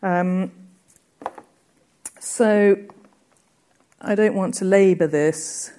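A woman lecturing on poetic technique, with frequent ums, reading verse lines slowly and deliberately between her explanations. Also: medium pitch, warm tone. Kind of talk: literature lecture.

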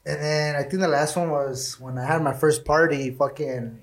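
A man's voice: fairly high pitch, steady tone, moderate pace. A young man hosting a podcast, telling crude party stories full of profanity and slang, laughing often. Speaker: podcast host. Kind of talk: casual storytelling chat.

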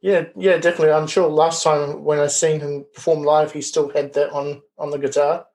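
Man interviewing, slightly high voice. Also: level tone, fairly quick, a little mellow, rough recording. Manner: encouraging, with frequent short backchannel replies. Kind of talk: casual interview.

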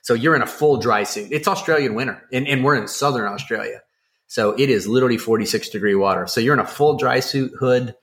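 A man co-hosting a podcast, telling a story in a casual, excitable, rambling way with lots of fillers. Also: mid-range voice, quick pace. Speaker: podcast co-host.

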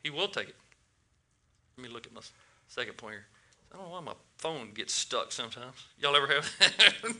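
Bright-voiced preacher man. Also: mid-range voice, sing-song, normal speed, long pauses. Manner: conversational, repeats words, asks the congregation questions. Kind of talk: sermon.

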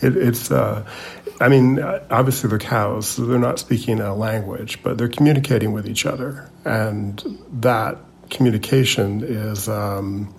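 A man's voice: fairly low pitch, measured pace, vocal fry, a little hiss or hum. A man co-hosting a podcast, talking in a casual, hesitant way full of fillers and restarts. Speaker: podcast co-host. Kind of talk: casual chat.

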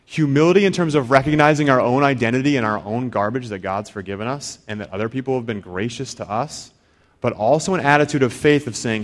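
Middle-aged male preacher with an average-pitched voice, casual and chatty, who restarts phrases and briefly acts out other people's thoughts. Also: animated, fairly quick. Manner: conversational, acts out inner voices, repeats words when restarting. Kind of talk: sermon.

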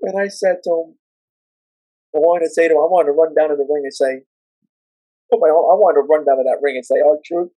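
A man talking with excitement on a podcast, telling wrestling stories and now and then breaking into shrill shouting. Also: a little fast, long pauses, no echo, rough recording. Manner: excitable, jumps into shrill shouting when retelling. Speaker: podcast guest. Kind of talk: casual chat.

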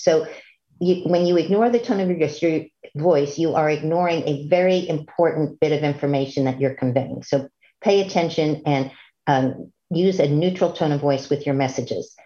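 A woman's voice: sits low, mellow. A woman physician giving an earnest, instructive medical lecture, with the odd filler and restart. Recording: dull lo-fi lecture recording.

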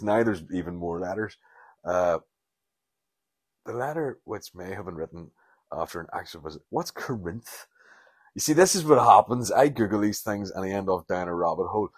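A man's voice: low-pitched, breathy edge, no room sound. A Northern Irish man around forty, hosting a podcast alone and rambling through stories, swearing and laughing often. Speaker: podcast host. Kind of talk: casual solo podcast rambling.

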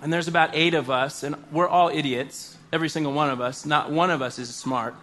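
A man telling a comedic personal story, animated and self-mocking, with exaggerated outbursts. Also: a little high, brisk.

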